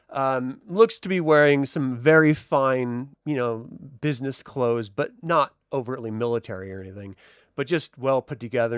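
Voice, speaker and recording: A man's voice: medium pitch, a bit bright, clean tone, dry recording, clean studio sound. A man narrating as storyteller for a tabletop game, casual and rambling.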